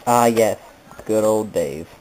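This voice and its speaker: A man with a lowish voice delivers a rambling comedic monologue at a very unhurried pace. He wanders, corrects himself mid-story and keeps a mock-nostalgic tone throughout. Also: noisy background.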